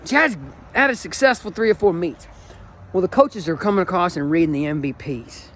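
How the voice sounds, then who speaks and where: Man, forties, high voice, running coach, emotional rambling vlog talk, faint vehicle noise behind. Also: fairly quick, a bit bright. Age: 40s. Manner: enthusiastic, emotional, rambling with restarts. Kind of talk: casual motivational vlog.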